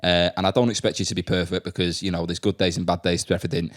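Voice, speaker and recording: This young man's voice is low and flat, and he talks very fast. A podcast host who also works at a school, he chats casually and laughs often while telling stories about the kids he works with, acting out their voices.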